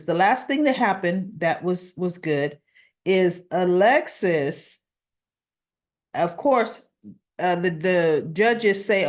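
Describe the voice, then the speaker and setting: A woman giving a chatty recap of a soap opera, retelling scenes in quoted dialogue, with a sore throat and a cough. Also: mid-range voice. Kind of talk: casual recap monologue.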